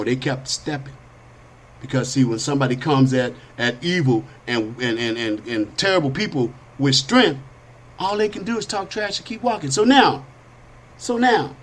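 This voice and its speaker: A man hosting a podcast, telling an animated parable in street slang, swinging between high whiny character voices and low asides. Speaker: podcast host. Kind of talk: storytelling monologue.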